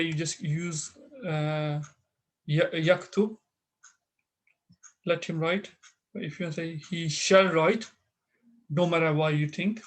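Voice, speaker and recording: Brief Male Arabic teacher, raised voice, patient and halting, video call. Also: a little high. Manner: explains patiently with many fillers and restarts. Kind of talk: online interactive class.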